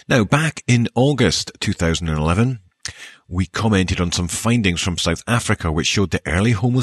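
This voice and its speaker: A man with a soft Scottish accent hosting a show, reading archaeology news and dedications with wry, dry joking asides. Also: sits low, slightly rough, dry recording. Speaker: podcast host.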